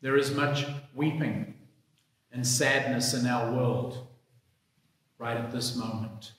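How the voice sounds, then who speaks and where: A man, a priest, reading the gospel and preaching a sermon in a slow, measured, reflective way. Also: medium pitch, steady tone, a bit bright. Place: church. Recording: echoey church hall.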